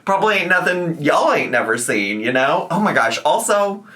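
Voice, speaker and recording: A man's voice: a little high, big pitch swings, normal speed, bright, forceful tone. A man with a Southern accent giving sassy, campy reaction commentary. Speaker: reaction video host.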